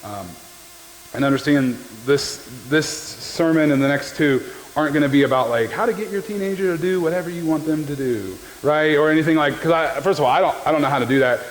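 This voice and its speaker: Joking pastor in a reverberant hall. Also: male voice, fairly high pitch, fairly quick. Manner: conversational and joking, often checks in with "right?". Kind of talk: sermon. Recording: long hall reverb with faint background noise.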